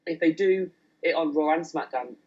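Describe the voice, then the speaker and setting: A man co-hosting a casual wrestling podcast, excitable and stumbling over his words. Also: on the high side, normal speed, dull audio. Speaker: podcast co-host.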